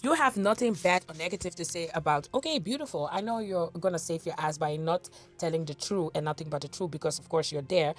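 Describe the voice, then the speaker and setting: A woman's voice: low voice, brisk, hardly any pauses, soft background music. Sassy scolding woman commentator. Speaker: commentator reacting to clips. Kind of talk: mocking reaction commentary.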